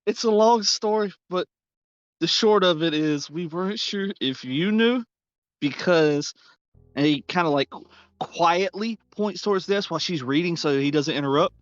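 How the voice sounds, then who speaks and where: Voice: mid-range voice, moderate pace, no room sound. Tabletop player, mid register, loose and laughing; dull dry mic. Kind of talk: tabletop game chat.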